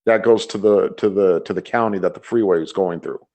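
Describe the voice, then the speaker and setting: A man's voice: low voice, a little fast, muffled recording. A man co-hosting a casual podcast, giving strong opinions and often repeating words as he gets going. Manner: repeats words when starting sentences. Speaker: podcast co-host. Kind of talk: casual chat, opinionated rant.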